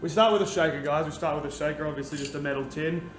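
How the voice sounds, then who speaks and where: A man's voice: a little high, fast talker. A young man hosting a casual talk show, chatty and upbeat as he talks viewers through making a cocktail. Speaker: podcast host and bartender. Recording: echoey room with background noise.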